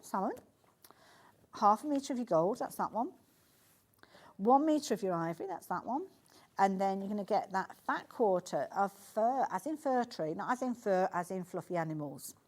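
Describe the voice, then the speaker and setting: A woman's voice: medium pitch, darkish tone. A woman with a Birmingham accent presenting sewing products on a live shopping channel, chatty and enthusiastic with lots of asides. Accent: Birmingham (Brummie). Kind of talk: live TV sales demonstration.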